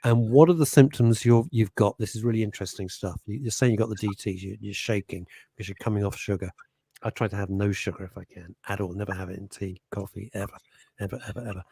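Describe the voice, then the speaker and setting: A man co-hosting a radio talk show, telling rambling anecdotes in a chatty, lively way. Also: on the low side, fast talker, gravelly, breathy edge, dry recording. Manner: chatty, anecdotal, lively storytelling with put-on quote voices. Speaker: radio co-host. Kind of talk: casual radio chat.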